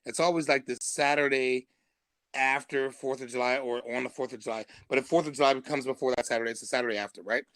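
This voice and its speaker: Animated male comedian telling a story. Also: medium pitch, fast, no echo. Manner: animated, laughs through his punchlines. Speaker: stand-up comedian guest. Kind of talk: comic storytelling on a live stream.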